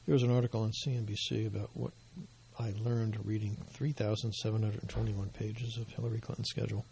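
Hoarse, husky male market commentator, measured and explanatory, low gravelly tone. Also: little pitch movement, a little mellow, a little hiss or hum. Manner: measured, explanatory, with dry asides. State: losing his voice.

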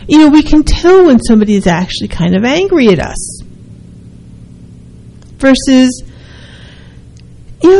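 A woman's voice: a little high, expressive, normal speed, pauses often, dark tone, poor audio. A middle-aged woman, a counselor, hosting a talk show and explaining behaviors, now and then acting out short quoted exchanges.

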